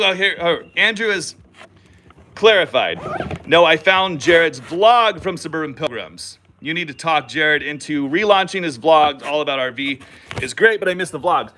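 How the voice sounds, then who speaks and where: A man's voice: fairly high pitch, very noisy. A middle-aged man hosting a casual live stream, rambling and teasing himself as he reads viewer comments aloud. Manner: chatty and self-teasing, rambling asides.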